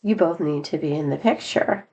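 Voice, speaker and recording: A middle-aged woman with a fairly low voice tells a personal story in a loose, chatty vlog style. She rambles, restarts and laughs often, jumping up in pitch when she quotes herself or others. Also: moderate pace, warm tone. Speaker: vlogger. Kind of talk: casual storytelling.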